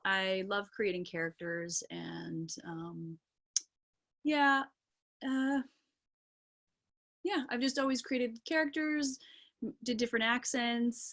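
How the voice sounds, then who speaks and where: A young woman from British Columbia chats as a guest on a video call. Her voice sits at an ordinary middle pitch for a woman. She rambles a little, with frequent ums and yeahs. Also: a little slow, fairly bright tone. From British Columbia, Canada. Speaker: actor and singer as interview guest. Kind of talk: casual interview chat.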